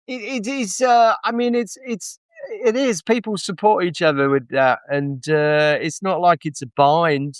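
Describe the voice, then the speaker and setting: A man's voice: sits high, steady tone, a little slow, smooth, no room sound. A man with a London accent chatting as a podcast guest, self-deprecating and full of hesitant fillers. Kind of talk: casual podcast conversation.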